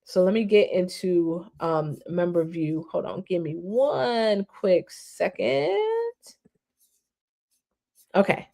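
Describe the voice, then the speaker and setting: A woman's voice: on the low side, slow pace, gravelly, long pauses, dark tone. A woman hosting a live stream, walking viewers through a new online platform in a casual, upbeat, slangy way. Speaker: host.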